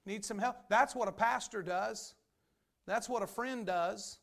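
A man's voice: high-pitched, measured pace, gravelly, a bit bright. A man preaching a sermon as a Baptist pastor, emphatic and repetitive. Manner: emphatic preaching with repeated phrases.

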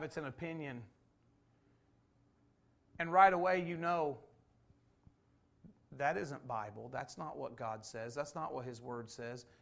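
A man in his forties preaches in a church with a noticeably high voice. He presses his points earnestly and drives them home with repeated rhetorical questions. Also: creaky. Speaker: pastor. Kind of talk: sermon.

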